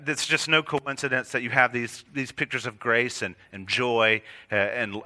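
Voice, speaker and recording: A man preaching a sermon to his congregation, earnest and direct, building to emphatic peaks and dropping to quiet lines. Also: mid-range voice. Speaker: pastor.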